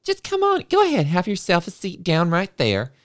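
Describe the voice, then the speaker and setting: A woman's voice: lowish voice, wildly swooping pitch, normal speed, no echo, clean studio sound, voice pushed up. A woman putting on a gushing sing-song music teacher. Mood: syrupy. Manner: syrupy, theatrical, performing into a microphone.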